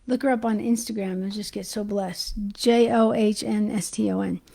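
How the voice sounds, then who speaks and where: A woman giving an informal Christian teaching, talking excitedly and chatting to her viewers while she hunts for her notes. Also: mid-range voice, normal speed, creaky, low-quality recording. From United States.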